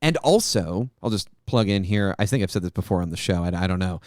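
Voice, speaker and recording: A man with a smooth, clear voice gives earnest advice in casual podcast chat. He often repeats words while he builds his point. The sound is dry and close to the mic. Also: low-pitched, animated, brisk, darkish tone, dry recording. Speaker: podcast co-host.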